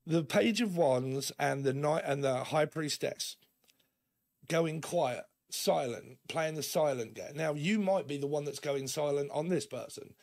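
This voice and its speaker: A man's voice: a little high, gravelly, a little mellow. A man giving a casual, rambling tarot reading. He laughs often and acts out little imagined conversations. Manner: acts out imagined dialogues in shifting voices. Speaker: tarot reader.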